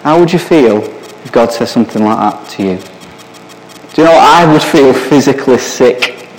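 A man's voice: medium pitch, lively intonation, moderate pace. A man preaching a sermon, reading scripture and asking his listeners many searching questions. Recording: long hall reverb.

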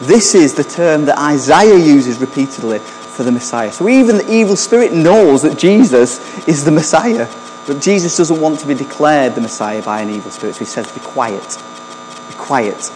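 A man's voice: fairly high pitch, lively intonation, moderate pace, a little mellow, big-room sound, soft background music, poor audio. A man preaching a sermon in a conversational way, often asking the congregation questions.

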